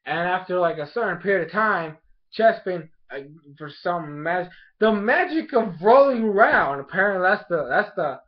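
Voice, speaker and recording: A man casually reviewing an anime episode, rambling with lots of fillers and excited laughs. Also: high voice, moderate pace. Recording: dull lo-fi sound.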